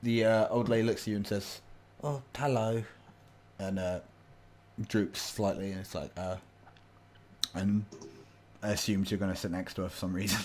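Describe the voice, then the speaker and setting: Man, game master, halting delivery, lots of fillers, fairly low voice. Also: little pitch movement, slight background noise. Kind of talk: narrating a tabletop game.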